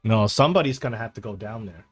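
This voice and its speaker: Halting man running a tabletop game. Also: lowish voice, animated, faint music behind. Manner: halting, repeats words while describing scenes. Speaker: game master.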